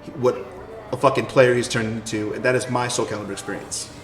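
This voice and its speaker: A man's voice: medium pitch, fairly even intonation. A man in casual chat, talking emphatically and swearing freely. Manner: fast, emphatic, profane. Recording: echoey room, faint music.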